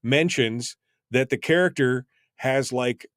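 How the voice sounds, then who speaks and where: A man's voice: medium pitch, slow, a bit bright, dry recording, studio quality. A man hosting a radio talk show, chatting loosely with many fillers and restarts. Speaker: radio show host and voice actor. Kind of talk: casual radio interview chat.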